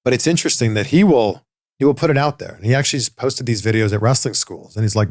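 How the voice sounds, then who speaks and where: A man's voice: mid-range voice, fast talker, a little mellow, no echo, clean studio sound. A man from Canada hosting an interview, friendly and upbeat as he retells stories. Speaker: interview host. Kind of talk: casual interview chat. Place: studio.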